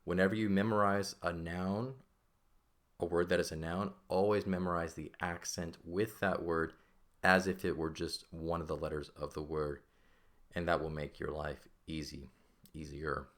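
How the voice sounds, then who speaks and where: A man's voice: low-pitched, flat delivery, normal speed, fairly bright tone. A man teaching a recorded language lesson, explaining step by step and often checking with "right?" and "okay?".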